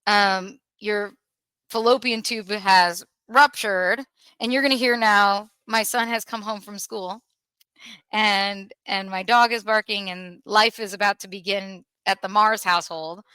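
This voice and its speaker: A woman's voice: medium pitch, a little slow, clean tone, no echo. A woman in her thirties hosting a podcast, candidly retelling a personal story and acting out what people said. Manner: candid, animated retelling with acted quotes. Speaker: podcast host.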